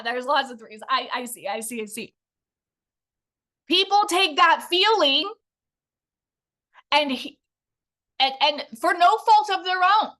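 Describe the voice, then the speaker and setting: A middle-aged woman with a high, bright voice teaches a live online workshop on speaking. She talks with energy and keeps turning to her audience directly, calling them "you guys". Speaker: speaking coach.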